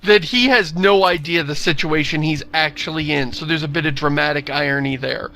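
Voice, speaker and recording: Sardonic man with a bright voice. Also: fairly high pitch, brisk, vocal fry. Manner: wry, sardonic recapping. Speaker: co-host of a game commentary show. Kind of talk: casual gaming commentary chat.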